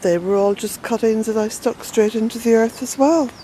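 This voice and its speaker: An Irish woman chatting her way through a garden tour outdoors, fond and unhurried, with bursts of indignation. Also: fairly high pitch, mellow, a little hiss or hum, poor audio. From Ireland. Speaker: smallholder and author giving a garden tour. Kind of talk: casual walking garden tour.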